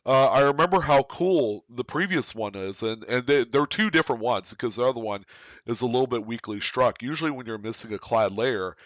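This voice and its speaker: A man hosting a casual coin collecting market report, talking straight to his viewers in an excited, emphatic way. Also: mid-range voice, brisk, no room sound. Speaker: coin collecting channel host.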